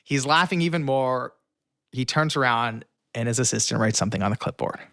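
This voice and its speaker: A young man, a guest in an interview, telling a story with lively animation and acting out the lines of the people in it. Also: mid-range voice, brisk, creaky, dry recording, clean studio sound.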